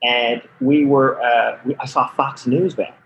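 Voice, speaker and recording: A man from Canada, a comedian calling in as a guest, telling anecdotes in an animated way, laughing and slipping into voices. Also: medium pitch, measured pace, vocal fry, a little hiss or hum. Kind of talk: anecdotal storytelling. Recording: lo-fi phone-in line.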